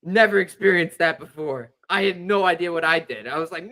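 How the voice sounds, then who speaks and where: A man's voice: on the high side, a little fast, sharp tone. A young man hosting a podcast, telling a rambling sports story in casual chat with lots of fillers. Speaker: podcast host.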